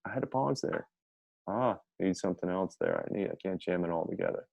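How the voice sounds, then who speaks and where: Gravelly, low-voiced man teaching grammar. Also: fairly quick, no room sound, poor audio. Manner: chatty, energetic, thinks aloud. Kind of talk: casual grammar lesson.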